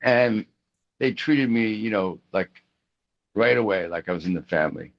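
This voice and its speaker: A man's voice: lowish voice, normal speed, creaky. A middle-aged man talking in a casual interview about his career as a rock guitarist. He rambles through stories with many restarts and fillers, and acts out the people he quotes. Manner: animated, acts out quoted voices. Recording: dull lo-fi audio.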